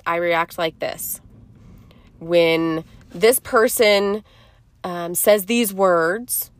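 Podcast host and mother: gentle, encouraging woman giving casual advice, dry close-mic sound. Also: medium pitch, no echo. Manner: gentle, reassuring, checks in with "okay?" and "right?". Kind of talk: casual self-help advice monologue.

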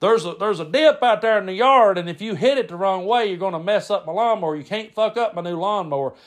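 A man imitating a loud, blunt man who barks orders and lectures in a harsh tone. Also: high-pitched, quick pace, voice pushed up, natural voice. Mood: stern lecturing.

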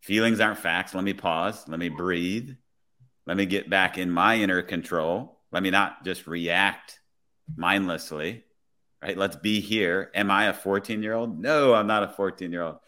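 A man, a police officer guest on a podcast, telling his story in a relaxed way with quoted dialogue. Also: deep voice, a little slow.

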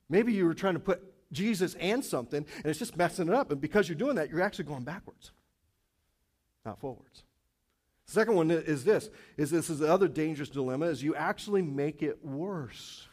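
Brief: male pastor, higher-set voice, casual sermon delivery with chuckles and restarts. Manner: conversational preaching with restarts and chuckles, rising to animated emphasis.

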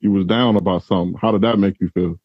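Male host, low voice, reflective, encouraging, dry muffled recording. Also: steady tone, quick pace, slightly rough, no echo. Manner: reflective, encouraging, asks probing questions. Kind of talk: interview, motivational talk.

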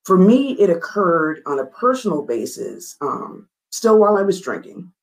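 Speaking at normal speed, a female interview guest shares a candid personal story earnestly and emphatically, her voice climbing high in excitement. The recording is rough.

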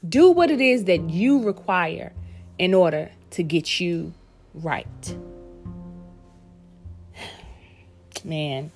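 A woman's voice: lowish voice, lively intonation, extremely slow, long pauses, darkish tone. Woman, candid mother's talk, emphatic, profane, faint music behind. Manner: frank and profane, emphatic repetition. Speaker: parent talking to viewers. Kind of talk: candid personal talk to camera.

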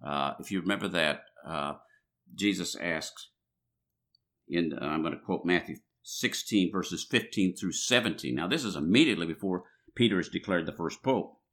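A man's voice: deep voice, moderate pace, a bit bright. A man preaching a sermon in a conversational way, reading scripture aloud, with frequent restarts and filler words.

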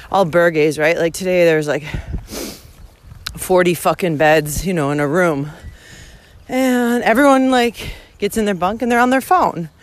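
A woman ranting into her phone as she walks an outdoor trail. Her voice swoops up and down with lively energy, and she swears constantly. She laughs often as she goes. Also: mid-range voice. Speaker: vlogger. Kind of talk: casual walking vlog. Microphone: handheld phone.

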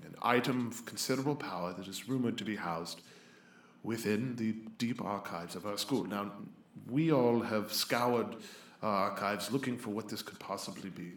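A man's voice: lowish voice, fairly quick, a bit bright, roomy sound, pitched below the performer's own voice, lightly acted. A man voicing a stern, formal older male elder of a mages' college who lectures and scolds. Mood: grave.

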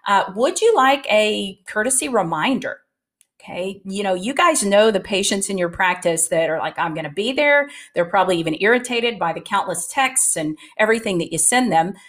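A woman's voice: medium pitch, lively intonation, normal speed, fairly bright tone. A middle-aged woman talking casually and candidly to practice teams, giving advice and telling stories with plenty of filler words.

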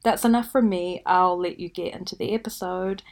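A young New Zealand woman hosts her podcast in an unhurried, chatty way. Her voice sits a little low for a woman, and she often breaks into laughter. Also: fairly even intonation. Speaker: podcast host. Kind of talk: casual podcast chat.

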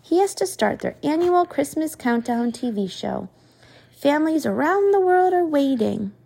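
A woman in her thirties reading a storybook aloud to her children, expressive and stopping to ask them questions. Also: sits high, normal speed, gravelly. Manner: expressive, asks the kids questions.

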